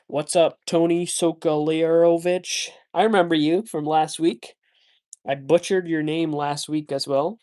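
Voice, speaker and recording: A man's voice: fairly high pitch, fairly even intonation, measured pace, a little mellow. A man hosting a casual phone livestream while walking outdoors, a bit winded, chatty and joking as he answers chat. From Canada. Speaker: livestream host. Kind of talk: casual live chat reading viewer comments.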